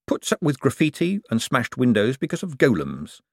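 A charming young conman talks glibly and persuasively with a wry edge, as a male narrator puts him on. His pitch moves animatedly, and the recording is dry and close. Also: wildly swooping pitch, normal speed, a little mellow, husky, dry recording, exaggerated voice.

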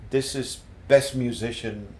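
An older man being interviewed as a musician, telling stories in an animated way and repeating words as he recalls them. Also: medium pitch, measured pace, slight background noise. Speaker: guest musician. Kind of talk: casual storytelling interview. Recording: roomy echo.

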